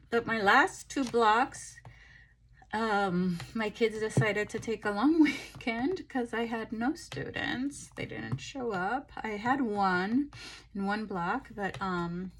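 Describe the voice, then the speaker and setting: A tired woman chatting casually through a craft haul, relaxed and full of ums and pauses, recorded on a phone. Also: mid-range voice, a little hiss or hum. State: tired, yawning. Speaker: craft vlogger. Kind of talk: casual show-and-tell chat.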